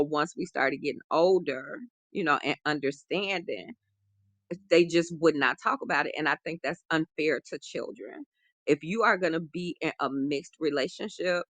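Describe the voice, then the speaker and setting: A woman guest, a relationship coach, telling a personal story in an animated conversational way, full of "you know". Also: low voice, no echo. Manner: animated, acts out quoted voices, frequent "you know".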